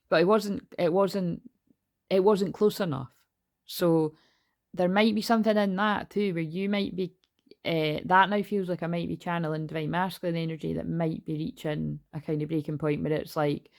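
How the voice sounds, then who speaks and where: Chatty woman with a gravelly voice. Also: lowish voice. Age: 40s. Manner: rambling, chatty, swears casually. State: tearful at moments. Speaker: tarot reader. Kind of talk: casual spiritual chat. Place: her bedroom.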